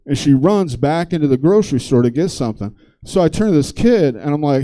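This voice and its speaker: A man's voice: a little high, lively intonation, brisk, few pauses, mellow. A man doing stand-up comedy, telling a long story in a loose, conversational, profane way on a theater stage.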